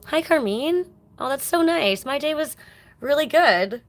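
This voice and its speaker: A woman's voice: sits high, lively intonation, unhurried. A woman giving a casual live-stream card reading, chatting with viewers in an affectionate way. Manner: chatty and affectionate, chats with viewers and calls them baby. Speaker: tarot card reader.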